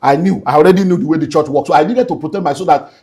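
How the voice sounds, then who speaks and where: A middle-aged man speaks with a Nigerian accent, his voice pitched a little above the usual male range. He is a pastor recounting his own story in earnest. He mixes in Pidgin and moves between hushed, quiet stretches and emphatic ones. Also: racing. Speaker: pastor, guest. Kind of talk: emotional personal testimony in a conversation.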